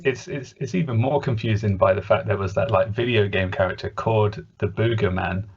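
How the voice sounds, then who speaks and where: Husky podcast guy, low voice, jokey, muffled lo-fi audio. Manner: jokey, does quick silly voices. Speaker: podcast co-host. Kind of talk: casual chat reviewing a cartoon.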